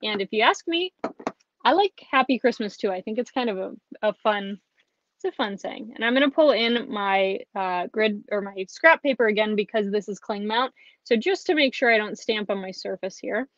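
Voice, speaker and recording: A woman's voice: medium pitch, lively intonation, moderate pace, no room sound. A woman hosting a live card-making tutorial, chatting casually and reading viewer comments between steps. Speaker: stamping and card-making host. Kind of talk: live craft tutorial with chat. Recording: dull, slightly lo-fi dry stream sound.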